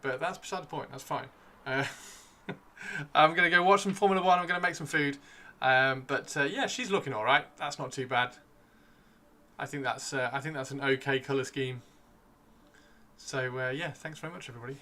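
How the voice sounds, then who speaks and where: A man's voice: medium pitch, normal speed, bright, forceful tone. A man casually chatting on his live stream, rambling and easygoing as he thanks viewers.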